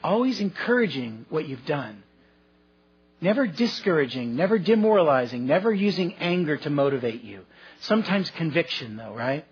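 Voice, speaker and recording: Husky-voiced man preaching folksy sermon. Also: on the high side, very animated, normal speed, highs cut off. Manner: folksy storytelling with self-deprecating humor. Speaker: pastor.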